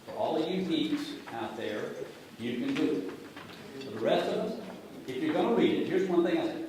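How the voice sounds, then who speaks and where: Man, sarcastic lecture, jokey, fairly high voice, distant mic, noisy echoey hall. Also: expressive, normal speed. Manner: sarcastic, jokey, addresses the audience directly. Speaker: speaker giving a talk on finance. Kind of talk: sarcastic lecture to a live audience.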